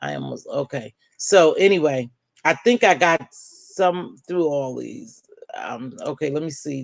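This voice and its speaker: A woman's voice: unhurried, no echo. A woman hosting a live stream, chatting and reacting to her chat in an emphatic, preachy way, calling viewers "baby". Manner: animated, swings pitch up and down. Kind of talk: casual live stream commentary, reading chat.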